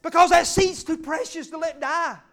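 A middle-aged man preaching a sermon, fervent and emphatic, swinging between loud declarations and quiet asides. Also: very high-pitched, normal speed. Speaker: pastor.

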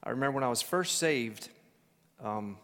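A man teaching a church Bible study, telling stories in an animated way with frequent restarts and personal asides. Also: medium pitch, moderate pace. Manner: animated storytelling, many restarts, personal testimony. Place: church hall. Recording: long hall reverb.

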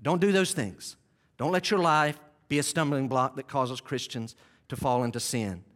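In a church sanctuary, a pastor with a medium-pitched voice preaches at a moderate pace. He's emphatic and repeats key phrases, and he drops self-deprecating, conversational asides to the congregation.

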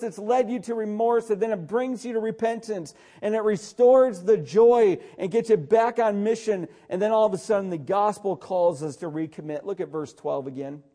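A man's voice: sits high, mellow. A middle-aged man, a pastor, preaching a sermon in an urgent, exhorting way, often calling out to listeners.

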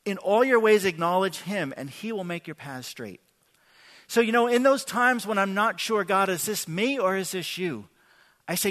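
A man's voice: sits high, animated, normal speed, a bit bright, in a large hall. A man preaching a conversational sermon as pastor, earnest and talkative, often restarting words and checking in with "right?".

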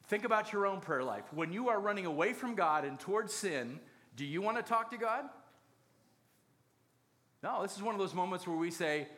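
A man's voice: sits high, lively intonation, fairly quick, pushed and bright. A man preaching a sermon, telling the story with jokes and acted-out quotes. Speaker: pastor.

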